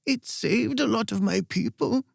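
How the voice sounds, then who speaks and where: A man putting on a doddering old queen from a fantasy audiobook, lifted high above his usual register, sweet and cheery but drifting off. The voice stays light and a little faraway, with a gravelly edge underneath. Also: lively intonation, unhurried, dry recording, clean studio sound, full character voice. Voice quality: soft and bright. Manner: cheerful and vague. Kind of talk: audiobook character voice.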